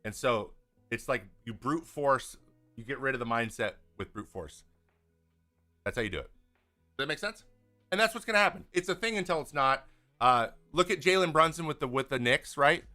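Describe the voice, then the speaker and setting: A man's voice: medium pitch, moderate pace, faint music behind. A man, hosting a casual live chat and answering viewer questions in a rambling way with many restarts. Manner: rambling, restarts often, animated when venting.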